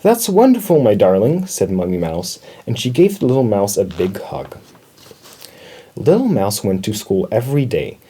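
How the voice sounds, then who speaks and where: A man reading a children's storybook aloud in an expressive storytelling manner. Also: fairly low pitch, a little slow, husky. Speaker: storybook reader.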